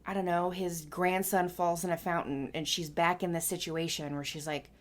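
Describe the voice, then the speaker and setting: A woman's voice: lowish voice, little pitch movement, moderate pace. A woman casually making up a story as she talks, rambling and musing with lots of hedges. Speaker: painting vlogger.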